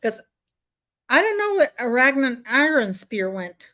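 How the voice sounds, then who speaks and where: Woman streamer, casual rambling host, slightly high voice, lots of fillers. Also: sing-song, slow pace, a bit bright. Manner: rambling, many fillers and restarts, frequent laughter. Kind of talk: casual live stream chat.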